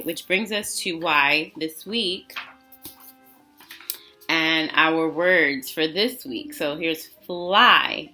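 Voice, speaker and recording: Woman teacher doing phonics for kids, real slow and clear, kinda crisp bright tone. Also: deep voice. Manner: slow, clearly enunciated, repeats words for kids to echo. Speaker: literacy teacher. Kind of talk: phonics lesson for children.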